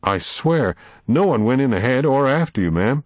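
Reading a storybook, a man voices an earnest, anxious young boy who sounds apologetic and raises his voice eagerly. The medium-pitched delivery is animated and moderately paced, pitched above his own voice yet close to an everyday one, on a dry recording.

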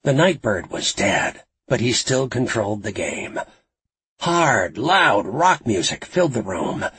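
A man narrating a thriller audiobook in a dramatic, expressive storytelling manner. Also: fairly low pitch, a little slow, breathy edge, no room sound.

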